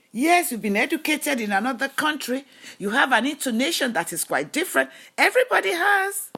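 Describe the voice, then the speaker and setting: Offering emphatic motivation through rhetorical questions and advice, a Canada-based lifestyle vlogger speaks in a high-pitched, fairly bright voice.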